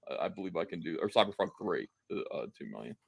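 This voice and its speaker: A man's voice: low-pitched, expressive, quick pace, gravelly, slight background noise. A man hosting a casual live stream, hyping numbers and reading out donations. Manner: hyping, reads donations aloud. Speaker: stream host.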